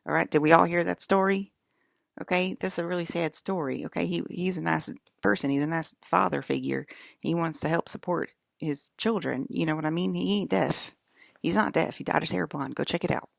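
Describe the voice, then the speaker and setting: Low, very gravelly woman vlogger. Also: fairly quick, no echo, studio quality. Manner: emphatic, repeats herself, addresses viewers directly. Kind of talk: rambling casual monologue to viewers.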